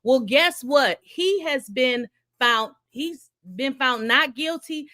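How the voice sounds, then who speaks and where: An excitable woman hosts a casual livestream and chats straight to her viewers. She is out of breath and her voice sits a little high. She talks fast and loose. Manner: excitable, chatty, addresses viewers as y'all. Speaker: livestream host. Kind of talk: casual live chat.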